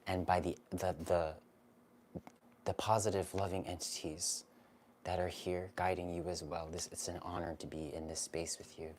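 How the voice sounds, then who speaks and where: Low, gentle male reader for a live stream, soothing, with a faint hiss behind him. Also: little pitch movement, moderate pace. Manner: gentle, soothing, repeats himself. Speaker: spiritual card reader, live stream host. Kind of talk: live-streamed intuitive reading.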